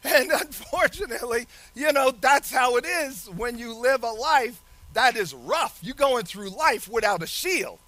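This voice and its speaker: A man preaching a lively sermon, laughing often and shouting some phrases. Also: extremely high pitch, measured pace, no room sound.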